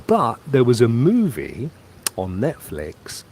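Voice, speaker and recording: A man's voice: mid-range voice, huge pitch swings, slow pace, creaky, darkish tone, slight background noise. A man from England chatting casually on a live stream from a holiday pool, reading out viewer comments and rambling about his trip. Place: outdoors by a private pool on holiday.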